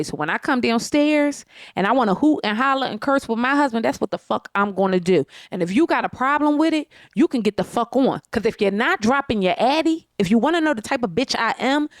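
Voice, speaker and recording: A woman with a fairly high voice and lively intonation talks briskly as a podcast co-host, swearing freely and ranting bluntly in casual chat. She's on the couch in her living room, and the sound is clean studio audio without room sound.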